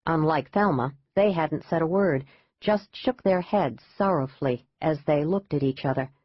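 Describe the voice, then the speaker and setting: A woman narrating a thriller audiobook in an even, measured reading. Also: low-pitched, dry recording. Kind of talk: scripted narration. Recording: dull dry lo-fi audiobook.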